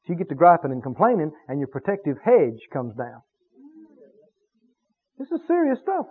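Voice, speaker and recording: A man preaching a sermon, emphatic and animated, stretching key words for effect. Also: on the high side, moderate pace, slightly rough. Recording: tinny phone-like radio broadcast.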